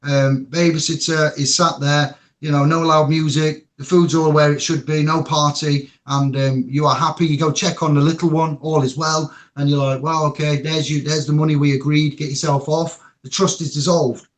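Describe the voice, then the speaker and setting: A man's voice: fairly high pitch, little pitch movement, moderate pace, hardly any pauses. A man on a panel talk, emotional and rambling, swearing now and then. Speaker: panel guest. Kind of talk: impassioned panel chat.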